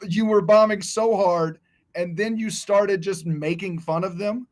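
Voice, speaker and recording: A man's voice: sits high, measured pace. A man and comedian co-hosting, telling stories in casual podcast chat, keen and peppered with "dude". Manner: excited, punctuates with "dude". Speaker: comedian co-host.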